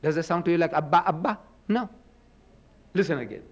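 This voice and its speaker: A man's voice: on the high side, fairly quick, rough recording. An older man giving a public religious lecture, emphatic and full of rhetorical questions. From South Africa.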